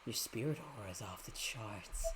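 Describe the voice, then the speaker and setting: A woman voicing a cruel, gloating male villain in a low, breathy, menacing whisper. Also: expressive, normal speed, background noise.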